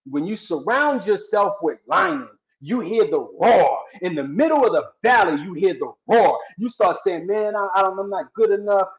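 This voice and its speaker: A man giving a fervent motivational speech with preacher-like emphasis and repetition. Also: a little high. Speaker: guest speaker. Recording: dull lo-fi sound.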